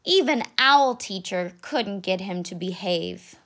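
A woman, a teacher, reading a children's picture book aloud in an expressive, deliberate way. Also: mid-range voice. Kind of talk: read-aloud storybook narration.

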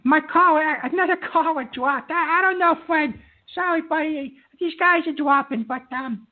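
A man playing a hot-tempered male call-in show host who stammers and loses his temper quickly. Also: extremely high pitch. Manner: flustered, stammering, quick to rage. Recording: lo-fi phone-like sound.

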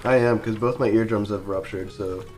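A man in casual chat, talking softly because he can't hear how loud he is. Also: on the low side, steady tone, normal speed, soft background music. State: hard of hearing, talking softly. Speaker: streamer.

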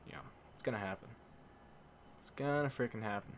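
A man's voice: on the low side, a little fast, a little hiss or hum. A young man commentating his own shooter gameplay, swinging between muttering and frustrated outbursts with minced curses. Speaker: gaming YouTuber.

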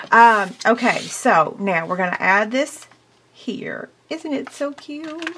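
American woman, mid-pitched, chatty craft demonstrator, dish clatter behind. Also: a little hiss or hum. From United States. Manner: chatty and excitable, talks while working. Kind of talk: hands-on crafting tutorial.

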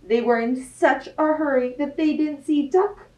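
A woman reading a picture book aloud to children at a library storytime. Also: sits high. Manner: slow, expressive read-aloud. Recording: echoey room, mic at a distance.

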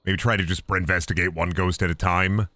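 A man's voice: sits low, fairly even intonation, brisk, pushed and bright, dry recording. A young man streaming a ghost-hunting game, joking and swearing as he plays and slipping into silly put-on voices. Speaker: gaming streamer. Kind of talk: casual live-stream commentary while playing.

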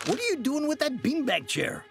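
A woman voicing a thrifty, insistent older grandmother in a cartoon, with a gravelly voice. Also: high-pitched, wildly swooping pitch, normal speed, over loud music, exaggerated voice.

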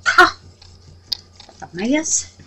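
A woman hosts a casual resin crafting tutorial, speaking extremely slowly against a noisy background. She chats away, exclaims to the Lord, and mutters half-whispered asides to herself.

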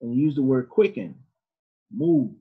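A man's voice: medium pitch, animated, measured pace, slightly rough. A man teaching an informal Sunday school class in a conversational way, asking his students questions, on a dull lo-fi recording.

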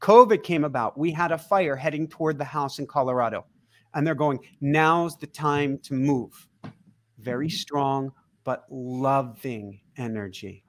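A man as a guest teacher explaining things in casual conversation, animated and laughing often. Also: medium pitch, moderate pace.

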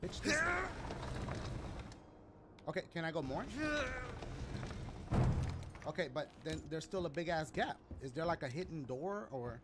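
A man playing a video game and reacting aloud, swearing and yelling at the game and chatting to his viewers. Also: a little high, sing-song, unhurried, long pauses, very noisy. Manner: talks to viewers as "y'all". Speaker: gaming video host. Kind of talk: let's play commentary. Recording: loud game sounds behind voice.

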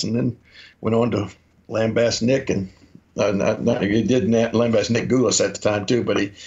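A gravelly, low-leaning male voice belongs to a podcast co-host from Memphis who casually rambles through anecdotes, voicing the quoted bits himself. The sound quality is dull and lo-fi.

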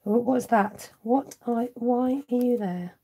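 A woman demonstrates cardmaking live, talking casually to her viewers and answering their comments. Her voice sits fairly high but sounds warm and slightly husky. She narrates each step with self-mocking asides. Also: takes it slowly. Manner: chatty, reads out viewer comments and answers them; talks aloud while working, with self-mocking asides.

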